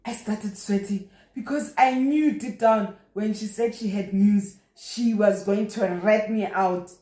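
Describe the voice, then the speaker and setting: A young South African woman telling a personal story in a lively, animated way, with frequent exclamations. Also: mid-range voice, unhurried. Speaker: vlogger. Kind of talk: casual storytelling. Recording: echoey room.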